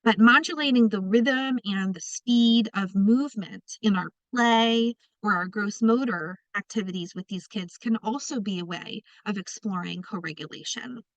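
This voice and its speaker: A woman's voice: mid-range voice, normal speed, hardly any pauses, dry recording, poor audio. A woman presenting an online training session, speaking conversationally and addressing participants directly. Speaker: presenter of a teacher training webinar.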